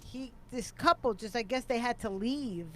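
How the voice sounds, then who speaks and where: A woman's voice: fairly high pitch, normal speed, a bit bright. A woman in casual chat telling a story about a comedy club.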